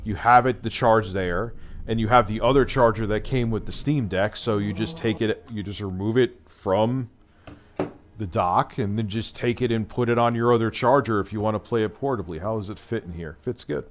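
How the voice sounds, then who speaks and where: A man's voice: lowish voice, normal speed. A man hosting a casual livestream, reading super chats and ranting sarcastically with a lot of swearing. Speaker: livestream host.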